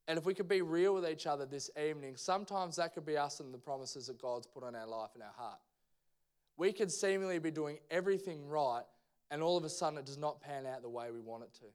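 A young Australian man preaching in church, loose and slangy, full of energy as he tells a story. His voice sits a little high for a man and sounds smooth and resonant. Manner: casual, slangy and animated. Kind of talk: sermon with personal storytelling. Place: church service.

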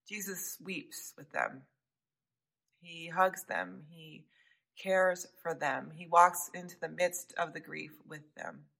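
A woman preaching a sermon with a lowish, bright and forceful voice. She speaks earnestly and often sinks to a soft hush to stress a point. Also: steady tone, slow pace, vocal fry, rough recording. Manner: earnest, dropping to soft hushed tones for emphasis.

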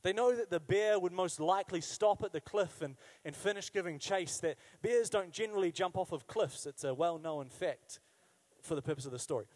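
A man's voice: sits high, brisk, darkish tone. A man preaching a sermon in a conversational style. He asks the listeners questions and repeats key phrases for emphasis. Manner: emphatic repetition. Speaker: pastor.

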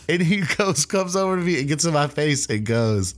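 A man's voice: a little high, normal speed, hardly any pauses. A man co-hosting a podcast, telling a work story in casual, profane chat and acting out the people in it. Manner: animated, profane, acts out quoted voices. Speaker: podcast co-host; restaurant line cook.

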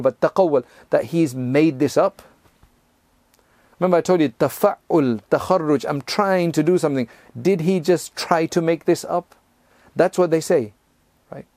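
On the high side and a little mellow, the man's voice comes through a dry recording. He's an Islamic teacher giving a chatty, step-by-step religious lesson, peppered with "right?" and "you know" and occasional chanted verses in Arabic.

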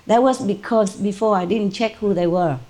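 A woman, a spiritual teacher, telling a story to her disciples in an animated, informal way, laughing often. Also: medium pitch, normal speed.

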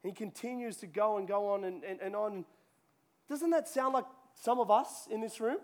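In a church hall, a male pastor delivers a sermon, chatting casually with the congregation and trading jokes with them. He has a high voice and talks at a normal speed.

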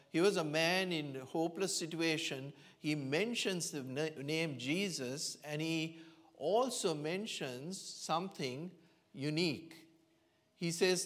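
A man preaching a sermon in church, telling a Bible story slowly and earnestly, with frequent pauses and fillers. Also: on the high side.

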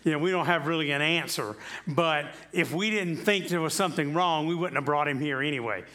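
Chatty pastor, man with a higher voice. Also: fairly quick, sharp tone. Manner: chatty, asks rhetorical questions, repeats himself. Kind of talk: conversational sermon. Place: church sanctuary.

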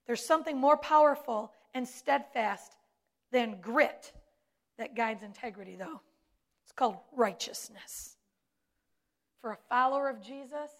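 A woman preaches from the pulpit in a high, bright-sounding voice. She leans hard on single words, repeating them for emphasis. Her delivery is warm, personal and sermon-paced. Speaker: preacher, pastor's wife.

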